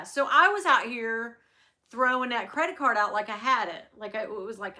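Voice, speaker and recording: A woman's voice: a little high, a little fast, sharp tone. A middle-aged woman hosting a livestream, chatting candidly with viewers and swearing freely. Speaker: luxury handbag livestream host. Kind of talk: casual livestream chat.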